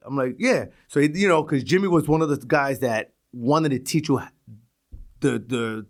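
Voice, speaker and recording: A middle-aged man from Brooklyn with a New York accent, telling stories as a podcast guest, animated and full of restarts. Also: medium pitch, normal speed. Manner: animated, restarts a lot, acts out quotes. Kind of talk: casual storytelling interview.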